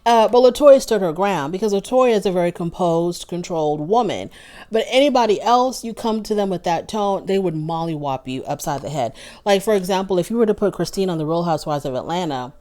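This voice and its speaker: A woman's voice: low-pitched, a little mellow. A woman hosting her own review show, chatting casually and candidly and acting out what others said. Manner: candid, opinionated, acts out quotes. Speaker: show host reviewing a reality series. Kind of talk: casual chat.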